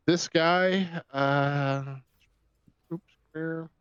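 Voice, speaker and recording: A man's voice: on the high side, steady tone, a bit bright, clear, resonant tone, no room sound. Guy gm describing the scene, lots of ums, muffled dry mic. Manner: halting, many ums and restarts while describing scenes. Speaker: game master. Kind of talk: narrating a tabletop game. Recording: dull lo-fi dry sound.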